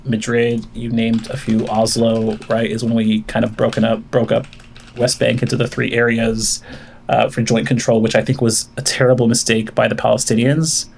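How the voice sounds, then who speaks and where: In an online debate call, a male caller argues with the host at length, going point by point with frequent fillers and false starts. He has a medium-pitched, gravelly, slightly mellow voice, with some hiss or hum in the audio.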